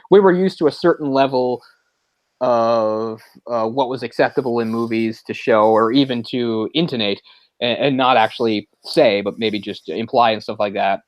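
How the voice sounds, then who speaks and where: A man's voice: medium pitch, dry recording, muffled recording. Rambling man in casual movie chat. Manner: rambling, laughs often, searches for words. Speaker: podcast co-host.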